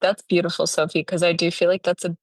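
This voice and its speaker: A woman's voice: lowish voice, flat delivery, fast, husky, dry recording. A woman co-hosting a spiritual podcast, earnest and reassuring, talking with many "like"s. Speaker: podcast co-host. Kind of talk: casual chat.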